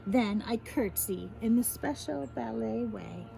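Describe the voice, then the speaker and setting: A woman, a teacher, reading a picture book aloud to children in an animated way, stopping to explain the fancy words. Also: a little high, unhurried, gravelly, faint music behind, rough recording.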